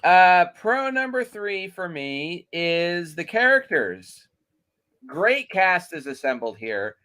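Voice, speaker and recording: A man co-hosting a casual movie review chat, with a lively voice that moves up and down a lot. He works through his critique point by point in a measured way. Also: sits high, smooth. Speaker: podcast co-host.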